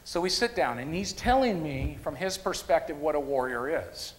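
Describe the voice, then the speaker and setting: A man preaching a sermon at a church service, a lively storyteller who repeats phrases for emphasis. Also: fairly high pitch, normal speed. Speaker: pastor.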